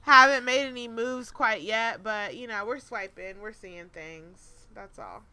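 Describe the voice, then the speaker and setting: A woman in her late twenties co-hosting a podcast, telling stories in a profane, animated way and laughing often. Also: on the high side, measured pace, a little hiss or hum. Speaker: podcast co-host. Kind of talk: casual chat, storytelling.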